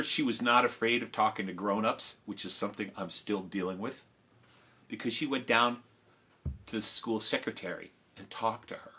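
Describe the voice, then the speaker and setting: A man telling a story with big swings from loud to hushed. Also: fairly low pitch, husky. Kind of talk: animated storytelling. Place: home, live stream.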